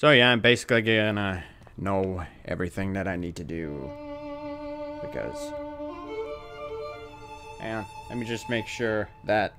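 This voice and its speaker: A man's voice: on the low side, a little slow, pauses often, over music. A man hosting a let's play video, reading game text aloud with casual, jokey asides. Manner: casual, jokey asides between read lines. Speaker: gaming video host.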